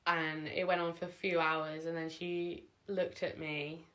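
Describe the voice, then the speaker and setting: Low-voiced young woman telling a rambling story. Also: little pitch movement, a little slow, fairly bright tone. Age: young adult. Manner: rambling, full of "like" and "sort of"; emotional, sometimes tearing up. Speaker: vlogger. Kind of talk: casual personal storytelling. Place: at home.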